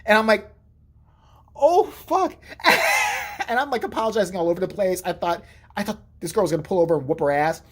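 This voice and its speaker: A man telling a story in a casual vlog, profane and animated, jumping into the voices of the people he quotes. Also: high-pitched, racing.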